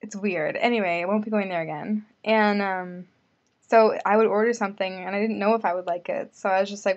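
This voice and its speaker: A woman's voice: medium pitch, steady tone, brisk. Chatty young woman vlogging, lo-fi. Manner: chatty, filler-heavy with lots of "like". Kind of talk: casual storytelling vlog.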